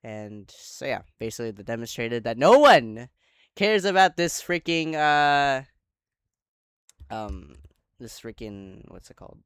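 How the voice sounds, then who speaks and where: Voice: mid-range voice, big pitch swings, measured pace, clean tone, no room sound, clean studio sound. A channel host casually retelling an online roleplay, rambling and correcting themselves, with chatty asides to viewers.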